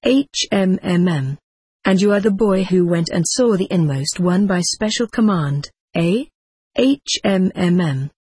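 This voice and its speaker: A blustering, self-important old monk who guards his stores jealously, as a woman reads him out in her own voice. The tone sits low and a little husky, scolding by turns and falsely sweet, spoken close and dry. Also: expressive, unhurried, darkish tone, no room sound, heavily acted. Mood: oily. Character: stern, pompous older male monk overseer.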